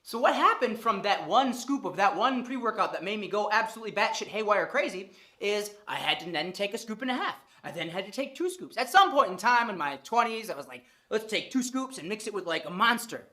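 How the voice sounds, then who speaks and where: Brief: woman vlogger in her thirties, bright forceful voice, lively pitch, blunt and profane, hammers points with repetition. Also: a little fast, hardly any pauses. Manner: animated, profane, emphatic repetition. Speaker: fitness vlogger. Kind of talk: casual vlog monologue.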